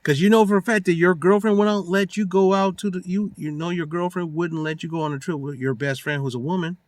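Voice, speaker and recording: Animated man ranting on his phone. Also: sits high, a little fast, dry recording. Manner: animated storytelling, acts out quotes, casual slang. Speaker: vlogger giving relationship advice. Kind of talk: casual rant to camera.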